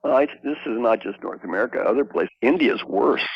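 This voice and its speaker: Gravelly older man telling punchy stories. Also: mid-range voice, brisk, no echo, dull audio. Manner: emphatic, quotes people in lively voices. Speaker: guest executive coach. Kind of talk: storytelling interview talk.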